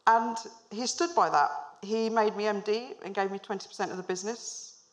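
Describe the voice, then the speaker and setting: A woman's voice: mid-range voice, a little fast. Engaging woman giving a storytelling business talk. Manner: engaging, asks the audience questions, lightly humorous. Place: stage before a live audience.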